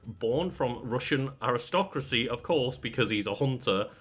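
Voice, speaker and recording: A man's voice: medium pitch, lively intonation, moderate pace, a bit bright, slightly rough. A man co-hosting a podcast, chatting casually and wryly with frequent laughter. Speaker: podcast co-host. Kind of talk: casual chat.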